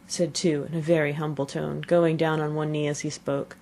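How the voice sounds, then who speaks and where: A woman with a low voice reads a children's tale aloud. Her narration is measured and expressive, slowing for description. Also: vocal fry. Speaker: audiobook narrator. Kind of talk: storybook narration.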